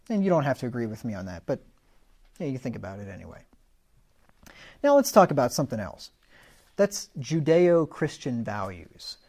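Male preacher, emphatic conversational delivery, somewhat high voice, restarts often. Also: darkish tone. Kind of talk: sermon.

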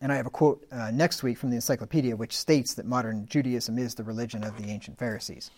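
This male Bible teacher speaks quickly, his mid-range, darkish voice keeping a fairly even intonation. During his teaching talk, old scripture is read with mounting emphasis, broken up by casual asides sprinkled with fillers.

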